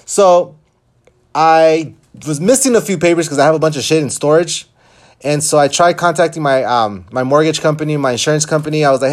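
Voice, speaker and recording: A young man with a slightly higher voice rants in a rambling, frustrated way. He swears freely and piles on details as he goes. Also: fairly quick. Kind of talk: casual vlog rant.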